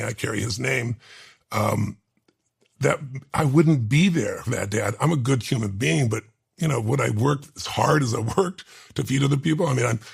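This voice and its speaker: An earnest man in his sixties speaks in an interview. His voice is gravelly and very hoarse. He tells a personal story and acts out the voices of people in it. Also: medium pitch. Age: 60s. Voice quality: gravelly, very raspy. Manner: earnest, tearful at times, acts out quoted voices. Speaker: guest.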